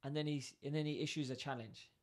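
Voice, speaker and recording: A man's voice: fairly high pitch, steady tone, fast, darkish tone. A British man co-hosting a podcast, telling a story in casual chat and acting out both sides of the conversation. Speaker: podcast co-host.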